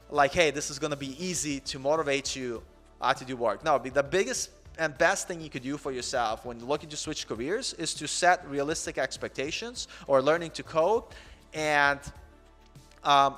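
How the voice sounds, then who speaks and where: A man's voice: fairly high pitch, fairly bright tone, in a large hall. A man in his forties hosting a coding channel in an earnest, rambling live-stream chat, peppered with "man". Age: 40s.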